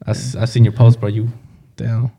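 A young man in a relaxed, teasing chat among friends. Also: mid-range voice, normal speed, creaky, husky. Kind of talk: casual chat.

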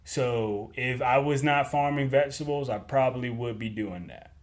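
A man's voice: medium pitch, normal speed. A young man answers listener questions on his own show in a loose, easygoing way. He rambles and circles back to the same points. His voice sits in an ordinary middle register. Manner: relaxed, rambling, repeats himself. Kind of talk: casual Q&A podcast talk.

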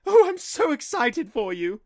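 A man's voice: very high-pitched, sing-song, a little slow, a little mellow, no echo, clean studio sound, voice pushed up, heavily acted. A man voicing a gushing mother in a sing-song voice, in an audiobook reading. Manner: sing-songy.

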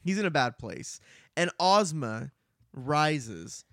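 A man's voice: a little high, big pitch swings, slow, a bit bright, dry recording, studio quality. A man co-hosting a podcast in casual chat, talking loosely, swearing and leaning on "like". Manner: loose and profane, heavy on "like". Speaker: podcast co-host. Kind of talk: casual book-club chat.

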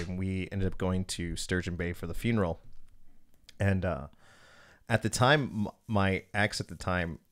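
A man in his thirties hosting a casual podcast, telling personal stories, swearing often and calling people dude. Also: low-pitched. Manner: swears often, storytelling, says dude a lot. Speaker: podcast host.

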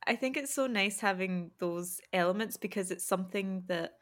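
A woman hosting a casual podcast interview, friendly and quick, laughing often. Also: medium pitch. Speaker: podcast host.

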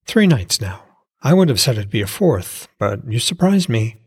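A man voicing a caring young woman innkeeper who nurses an injured man, speaking gently but firmly. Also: mid-range voice, very animated, moderate pace, slightly rough, no echo, clean studio sound, exaggerated voice.

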